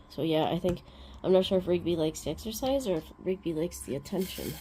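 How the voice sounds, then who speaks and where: A woman's voice: on the low side, animated, fairly quick, hardly any pauses, warm tone, slight background noise. A woman hosting a crafting vlog, chatting casually and rambling through everyday stories. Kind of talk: casual chat.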